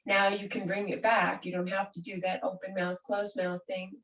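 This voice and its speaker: A woman teaching a gentle yoga and breathing class, guiding calmly and softly. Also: mid-range voice, moderate pace. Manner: calm, gentle, soothing guidance. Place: room where she does yoga on a mat. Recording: roomy sound from a distant mic.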